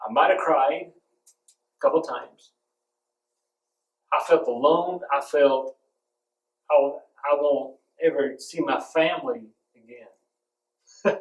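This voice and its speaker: A man preaching a sermon, telling stories and hammering home points with emphatic repetition. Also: mid-range voice. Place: church sanctuary. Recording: roomy echo, from a distance.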